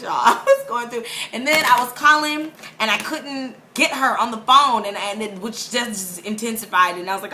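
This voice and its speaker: A young woman with a bright, forceful voice tells a personal story to camera in an easy, chatty way. She laughs often and acts out quotes, and a faint hiss of noise sits under her voice. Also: mid-range voice, a little fast. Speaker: vlogger. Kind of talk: casual storytelling vlog.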